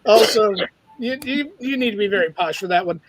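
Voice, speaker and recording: A man's voice: high voice, lively intonation, quick pace, no room sound, poor audio. A male comedian guest reading out credits in a self-mocking, fumbling way on a video-call mic. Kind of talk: casual banter, reading credits.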